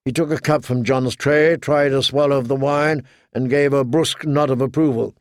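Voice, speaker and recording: A male audiobook narrator reads a story aloud with steady storytelling. His voice is mid-range at normal speed, recorded in clean studio sound with no room sound, as scripted narration.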